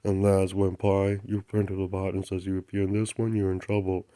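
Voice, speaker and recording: A deep, clear, resonant voice comes from a man hosting his own channel, brisk and entirely flat in delivery. He tells a rambling spiritual story with broken grammar, repeats affirmations chant-style, and at times slips into soft unvoiced murmurs.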